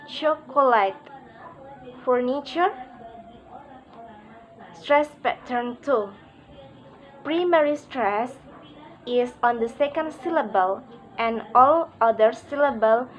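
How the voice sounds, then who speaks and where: A woman's voice: a little high, low-quality recording. A woman presenting a pronunciation lesson, reading it aloud carefully and moving on with "okay, next". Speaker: student presenter.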